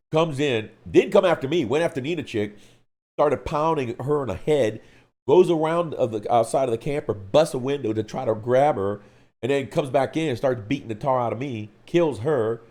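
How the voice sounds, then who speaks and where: A man co-hosting a live stream, telling a gaming story in an animated way, acting out voices and screams. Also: mid-range voice, moderate pace. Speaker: co-host of a hobby live stream.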